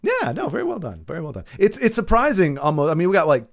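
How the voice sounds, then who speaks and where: Rambling American man, higher voice. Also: huge pitch swings, fast, gravelly. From United States. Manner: rambling, restarts often, laughs a lot. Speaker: podcast host. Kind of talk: casual chat.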